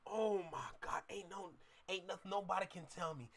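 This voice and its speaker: A man hosting a reaction channel, reacting casually and swinging between loud outbursts and low muttering. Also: fairly even intonation, moderate pace, vocal fry.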